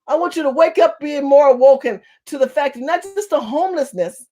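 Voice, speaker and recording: A woman from California, an activist, giving an impassioned political monologue. She talks fast and forcefully and repeats phrases for emphasis. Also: high-pitched, expressive. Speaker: community activist.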